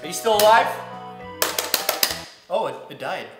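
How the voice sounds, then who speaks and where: Playful male unboxing host, lively sing-song delivery, roomy echo with music underneath. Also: high-pitched, a little slow. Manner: animated, teasing and pleading with a toy. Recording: echoey room with background music.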